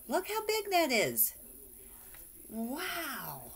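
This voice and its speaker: A woman's voice: lowish voice, very animated, takes it slowly. A woman vlogger chatting casually and gushing over cards and mail sent by friends, exclaiming and giggling often.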